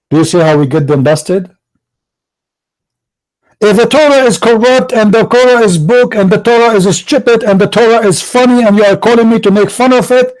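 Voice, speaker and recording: Combative high-voiced man debating. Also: darkish tone, rough recording. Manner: mocking, confrontational, rhetorical questions, broken English grammar. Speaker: debate show host. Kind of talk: combative religious debate monologue.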